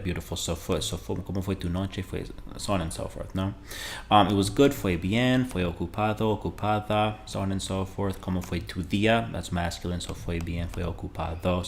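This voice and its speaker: A man with a very deep, low voice talks through a beginner lesson in a relaxed, conversational way. He slows down to model each phrase clearly. Faint room noise and keyboard typing sit quietly in the background. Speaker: Spanish teacher. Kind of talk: casual video lesson.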